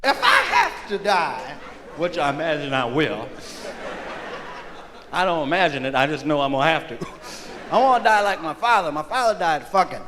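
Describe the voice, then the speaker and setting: A man performing live stand-up comedy in a large hall, telling loud animated stories and shouting out character bits. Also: on the high side, moderate pace, long pauses. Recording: echoey live concert vinyl with crowd noise. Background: audience laughter and ambience.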